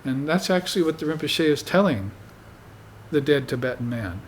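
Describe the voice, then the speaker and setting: A man giving a spiritual dharma talk to students in an unhurried, conversational way, often tagging his points with "you see". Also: fairly high pitch, expressive, slight background noise. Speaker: spiritual teacher.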